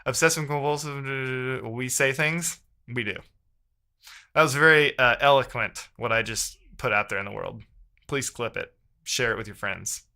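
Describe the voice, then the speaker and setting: Bright-voiced man ranting on a livestream. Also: medium pitch, unhurried, vocal fry. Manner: rambling, frustrated, self-correcting. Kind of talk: casual livestream chat.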